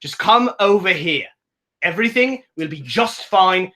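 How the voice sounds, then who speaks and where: A man voicing a grandiose rebel who slowly and persuasively lures a stranger to his side, in a tabletop game. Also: sits high, expressive, pushed and bright, pitched above the performer's own voice, heavily acted.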